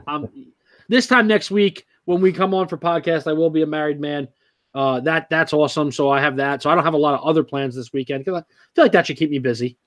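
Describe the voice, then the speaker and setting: A man's voice: fairly high pitch, brisk, a bit bright. A man co-hosting a casual podcast, joking and teasing and laughing often. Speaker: podcast co-host.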